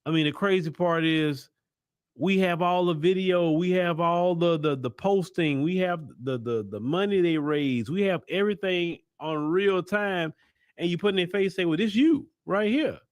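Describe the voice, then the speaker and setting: A man's voice: a little high, clear, resonant tone, dry recording. Chill guy running a live stream, lots of ums and restarts, dry close sound. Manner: unhurried, many fillers and restarts, chats with viewers. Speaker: host of a news live stream. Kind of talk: casual live-stream commentary.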